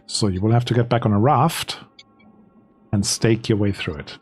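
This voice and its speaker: A man running a tabletop game as game master, narrating the scene slowly with pauses and restarts. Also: on the low side, a little mellow, husky. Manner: slow, hesitant storytelling with restarts.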